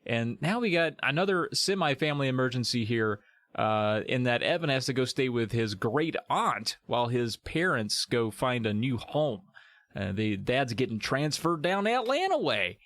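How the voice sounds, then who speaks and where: A man's voice: mid-range voice, expressive, moderate pace, a bit bright, no room sound, studio quality. A man co-hosting a podcast, chatting casually with playful, drawling asides. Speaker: podcast co-host.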